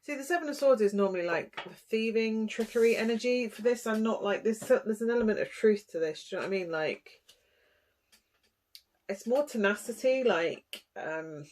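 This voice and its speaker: A woman's voice: mid-range voice, a little mellow. Chatty giggly woman reading tarot. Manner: chatty, giggly, rambling with fillers. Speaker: tarot reader.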